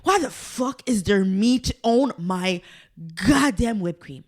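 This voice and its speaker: A young woman rants on her own podcast, cursing freely, drifting into tangents and grumbling with exaggerated exasperation. She speaks slowly in a fairly high, expressive voice.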